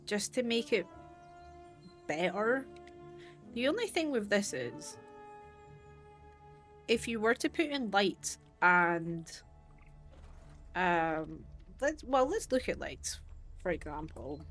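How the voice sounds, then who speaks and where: Woman game streamer, unhurried, chatty, thinks out loud, gets excited fast. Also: mid-range voice, faint music behind. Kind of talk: casual livestream commentary while playing.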